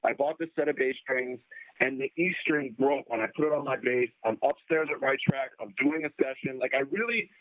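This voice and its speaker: A man telling a story as a podcast guest, talking in a lively way and acting out the people he quotes. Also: mid-range voice, a little fast. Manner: animated storyteller, acts out quoted voices. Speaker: guest musician. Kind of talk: casual storytelling interview. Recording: phone-like remote line.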